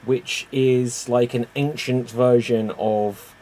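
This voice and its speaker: Slow-talking man hosting improv. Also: mid-range voice, fairly even intonation, a little mellow. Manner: loose, laughing, running audience votes. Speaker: improv show host. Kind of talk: hosting a live improv stream.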